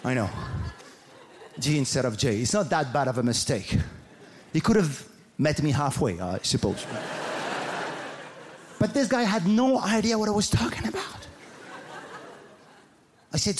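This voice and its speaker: A man with a French accent performing stand-up comedy, animated and mimicking voices and mispronunciations. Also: a little high, unhurried, pauses often. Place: large theater with live audience. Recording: live stage recording with audience noise.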